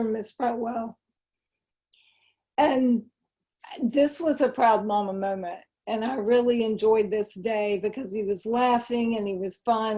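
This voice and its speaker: Mellow-voiced middle-aged woman speaker. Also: fairly high pitch, breathy edge. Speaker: guest speaker. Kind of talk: online presentation. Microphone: video call.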